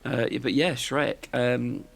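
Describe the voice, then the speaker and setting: A man's voice: medium pitch, slow pace, vocal fry. A man, hosting a podcast in casual, rambling chat and tossing questions to his co-host. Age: 40s.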